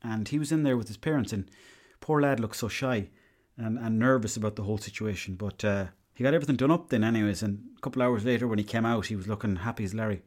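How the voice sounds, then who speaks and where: Talking quickly in a fairly low, darkish voice, a young Irishman recounts a long story on his podcast. It's a casual, rambling and profane monologue full of quoted asides.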